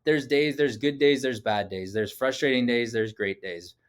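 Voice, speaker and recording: Man, thirties, podcast guest, casual storytelling interview, animated, lots of "like" fillers, middle pitch. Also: moderate pace, clear, resonant tone. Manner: animated, acts out quoted dialogue, frequent "like" fillers.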